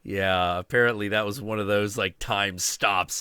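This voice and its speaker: A man in his twenties with a low, deep voice that still has a bright, forceful edge. He rants through a story with casual profanity, recorded dry and close. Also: steady tone, normal speed, clean tone, no room sound. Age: 20s. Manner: profane, ranting, confrontational. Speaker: podcast host.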